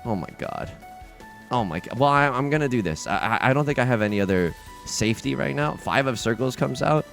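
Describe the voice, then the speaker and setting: A man hosts a let's play, talking through his moves in a casual, animated way. His pitch swings widely as he jokes, restarts sentences and pokes fun at himself. Faint game music plays softly behind him. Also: gravelly. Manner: animated, joking, quick restarts and self-mocking asides. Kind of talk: casual gameplay commentary.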